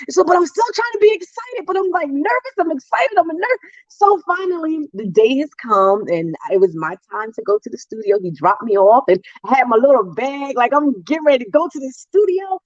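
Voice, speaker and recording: Woman from New Jersey, lively interview guest who acts out voices, dry and dull recording. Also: high-pitched, a little fast, few pauses, no echo. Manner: animated storyteller, acts out voices. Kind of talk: storytelling interview.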